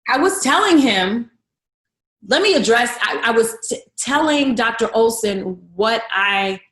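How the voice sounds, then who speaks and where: A woman, a guest comedian, telling a candid personal story in a chat, acting out the voices of the people in it and swinging between hushed and loud. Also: a little high, animated, a little slow, echoey room.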